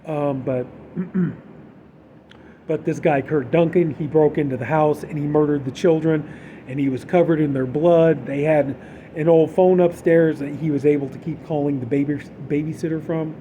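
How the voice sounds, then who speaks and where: A man's voice: on the high side, fairly even intonation, moderate pace, narrow, tinny audio, slight background noise. A man casually retelling a film's plot on a podcast, rambling and filling gaps with "you know". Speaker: horror podcast co-host. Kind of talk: casual film recap.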